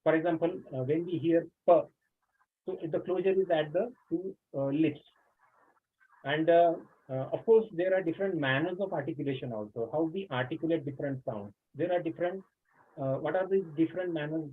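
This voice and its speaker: Brief: male trainer, slightly high voice, husky edge, webinar lecture over a phone-like line. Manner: explanatory, frequent "uh" fillers. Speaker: teacher trainer. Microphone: video call. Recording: tinny phone-like online call audio.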